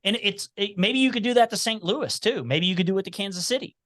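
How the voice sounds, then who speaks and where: A talkative man with a slight Appalachian twang, chatting as a podcast guest. His voice sits a little high for a man and sounds close and dry. He talks in animated bursts and restarts his sentences as he goes. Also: fast, no echo. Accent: slight Appalachian twang, Cincinnati. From Cincinnati area, United States. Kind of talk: casual chat.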